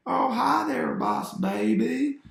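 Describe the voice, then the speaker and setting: A man voicing an unhinged, skinny villain raised by cats, speaking in a high, drawn-out, creepy singsong. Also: creaky, roomy sound, exaggerated voice.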